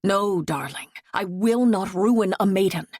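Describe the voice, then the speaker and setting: A woman reading the part of a grown man in a period romance, speaking low, hushed and measured. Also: no room sound, studio quality, lightly acted. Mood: tender. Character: grown man, tender yet stern and reluctant.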